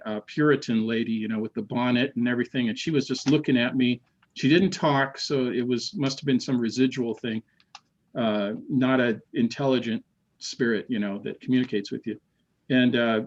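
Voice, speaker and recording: A middle-aged man sits in as a podcast guest, spinning an eerie personal story in an animated, casual way. He stumbles and repeats words and acts out the people he quotes, at a medium pitch. The recording sounds a little dull and lo-fi.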